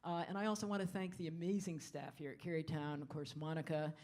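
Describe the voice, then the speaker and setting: A woman leading a jazz band, talking from a concert hall stage into a stage mic, friendly and halting with many fillers. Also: sits low, little pitch movement, darkish tone. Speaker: jazz bandleader.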